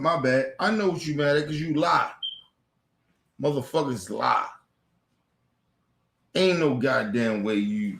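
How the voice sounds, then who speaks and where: A man in an angry, profane rant, repeating himself, swearing constantly, swinging from near-shouts down to low mutters. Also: roomy sound. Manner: heated, repetitive, swears constantly, rising to near-shouts then dropping low. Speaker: streamer ranting on camera.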